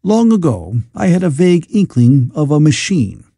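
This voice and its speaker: A man reading the part of a calm, inventive Victorian gentleman scientist who explains patiently. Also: on the high side, normal speed, creaky, breathy edge, dry recording, studio quality, pitched above the performer's own voice, exaggerated voice.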